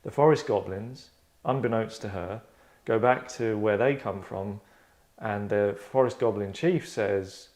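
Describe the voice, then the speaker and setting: His fairly low, slightly mellow voice moves at a measured pace with hardly any pauses. The middle-aged writer and podcast host rambles through a casual discussion, breaking off and interrupting himself to perform quotes.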